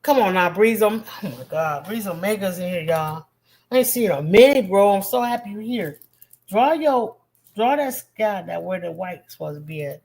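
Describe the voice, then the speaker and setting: A woman's voice: mid-range voice, expressive, normal speed, warm tone. A woman leading a live-streamed painting lesson as an art teacher, chatty and encouraging, talking straight to her viewers and bantering with the chat in a slangy, friendly way.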